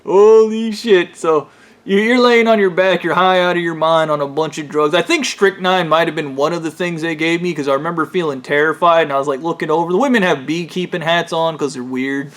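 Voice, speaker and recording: Excitable, profane man with a slightly high voice. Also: fairly quick. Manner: profane, excitable, breaks into loud yells. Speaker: vlogger. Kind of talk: casual storytelling.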